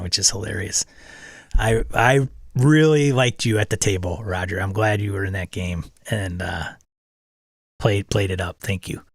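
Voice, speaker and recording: A man's voice: lowish voice, vocal fry, a bit bright, no room sound, studio quality. A man hosting a casual solo chat, rambling and often restarting his sentences. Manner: rambling, self-correcting, repeats words. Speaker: channel host. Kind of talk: casual solo chat about tabletop games.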